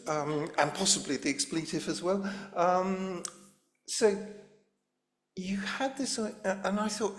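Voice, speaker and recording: A woman's voice: lowish voice, unhurried. A middle-aged woman giving a public lecture as a professor, in a conversational way that puts questions to the audience. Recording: echoey lecture room.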